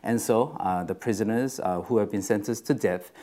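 A man preaching a sermon in a conversational way, often pausing on fillers and checking in with the listeners. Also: fairly low pitch, mellow. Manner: conversational, with frequent fillers and "right?" check-ins.

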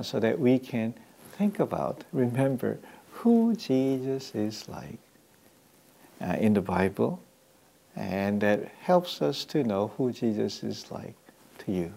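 Gravelly, dark-voiced male pastor preaching. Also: mid-range voice. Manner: halting, with frequent fillers and restarts. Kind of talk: sermon.

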